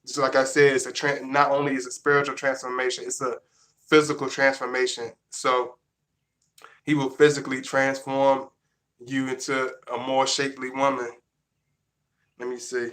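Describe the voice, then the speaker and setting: A man's voice: mid-range voice, little pitch movement, moderate pace, a bit bright. A man, talking casually to his viewers in a rambling, repetitive way that keeps restarting sentences. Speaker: vlogger. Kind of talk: casual monologue to camera.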